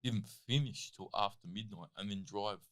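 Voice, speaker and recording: A man's voice: on the low side, moderate pace. Chatty Australian man telling stories. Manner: animated, lots of "like" and "I'm like". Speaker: guest, athlete and comedian. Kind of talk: casual interview storytelling.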